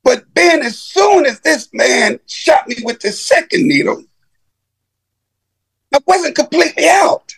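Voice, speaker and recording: A man's voice: very high voice, lively intonation, a little slow, vocal fry, fairly bright tone. A middle-aged man giving an emotional personal testimony to an audience, telling it dramatically and calling his listeners brother. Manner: dramatic storyteller who addresses listeners as brother. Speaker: speaker giving manhood training.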